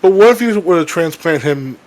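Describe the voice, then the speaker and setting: A young man co-hosting a casual chat, rambling with halting restarts and swearing freely. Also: a little high, animated, a little mellow. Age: young adult. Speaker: podcast co-host.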